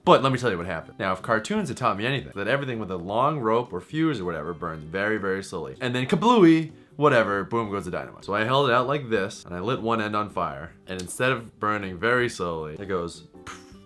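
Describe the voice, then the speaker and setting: A young man from Massachusetts vlogs with comic self-mockery, tossing in asides as he goes. His voice sits a little low yet sounds bright and forward, and his pitch swings widely. Faint music plays underneath. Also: fast talker. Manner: animated, self-mocking, jokey asides. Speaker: vlogger. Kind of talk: comedic storytelling to camera.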